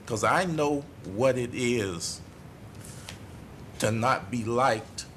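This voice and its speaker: Middle-aged guy choked up giving a speech at a city meeting, halting, impassioned, faint hiss behind. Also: mid-range voice, fairly bright tone. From United States. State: tearful. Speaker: city commissioner. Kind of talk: emotional speech at a council meeting. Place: city commission chamber.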